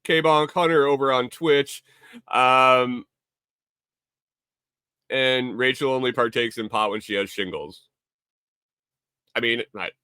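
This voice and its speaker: A man's voice: mid-range voice, steady tone, takes it slowly, pauses often, sharp tone, clear, resonant tone, dry recording, studio quality. A man hosting a casual live stream, rambling and repeating himself, reading viewer comments aloud. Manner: reads viewer chat aloud. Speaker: livestream host.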